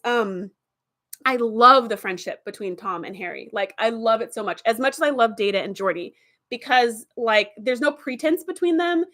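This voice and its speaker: A woman's voice: on the high side, moderate pace. A woman hosting a casual review video who retells TV episode plots with lots of fillers. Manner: animated plot retelling with many fillers. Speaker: video host.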